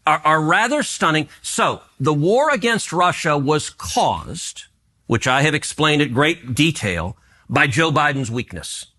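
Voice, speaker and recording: A man's voice: fairly high pitch, sing-song, measured pace, pushed and bright. A man, a senator, arguing combatively in a heated debate, stumbling over restarts.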